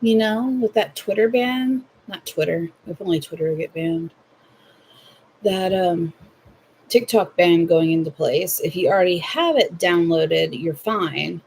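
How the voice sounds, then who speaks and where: A woman's voice: on the low side, a little slow, gravelly, darkish tone, slight background noise. A young Southern woman hosting a livestream, chatting playfully with viewers while she crochets at home. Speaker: livestream host. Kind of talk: casual chat while crocheting.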